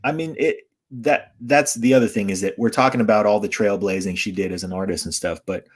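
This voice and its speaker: A man's voice: lowish voice, fairly quick. A man co-hosting an interview over a video call, telling stories and introducing a guest with enthusiasm. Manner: storytelling, enthusiastic, restarts. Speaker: co-host, drummer. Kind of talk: casual interview chat.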